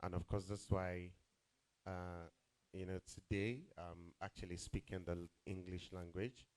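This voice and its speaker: A man's voice: low-pitched, little pitch movement, measured pace, darkish tone. A man with a Yoruba Nigerian accent hosting an event as master of ceremonies, joking and teasing the crowd with Yoruba asides.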